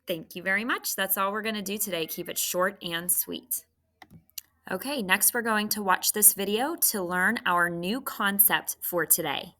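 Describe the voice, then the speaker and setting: A woman teacher giving calm, brief classroom instructions. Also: medium pitch, normal speed.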